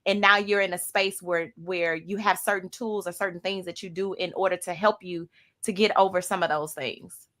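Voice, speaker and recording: A woman's voice: lowish voice, fairly even intonation, moderate pace, a bit bright. A woman hosting a radio talk show, speaking earnestly about faith and hard times, often restarting her sentences. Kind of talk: casual talk show discussion.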